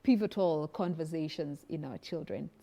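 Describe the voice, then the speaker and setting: A woman hosts a morning television interview. Her voice is on the low side and mellow. She talks in a conversational way, sums up her guest's points and asks guiding questions. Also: moderate pace. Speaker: morning show host.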